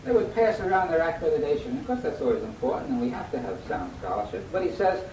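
Speaking fast and barely pausing, a male preacher reads scripture and asks his congregation to finish each verse. He performs quoted voices vividly, and the distant mic picks up hall echo and a faint low rumble.

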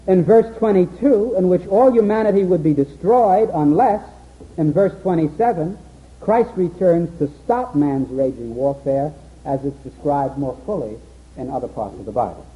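A man's voice: a little high, normal speed, narrow, tinny audio. A man teaching a Bible sermon, acting out quotes and dialogue in a raised voice. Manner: animated, acts out quotes in a raised voice. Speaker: preacher.

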